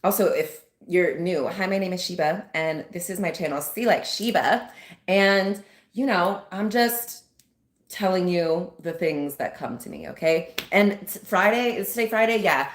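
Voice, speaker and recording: A woman's voice: on the low side, measured pace, roomy sound. A woman hosting her own channel, talking loosely to viewers with many fillers and acted asides. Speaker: channel host. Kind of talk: casual spiritual vlog talk.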